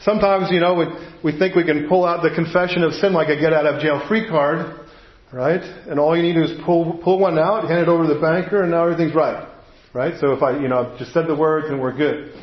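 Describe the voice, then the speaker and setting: A middle-aged male pastor preaching with a slightly higher-pitched voice, chatty and anecdotal, often breaking off into asides. The sound is roomy and a bit dull, as if picked up in a large sanctuary. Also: fairly even intonation, fast talker. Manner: conversational, anecdotal, self-interrupting with asides. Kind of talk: sermon.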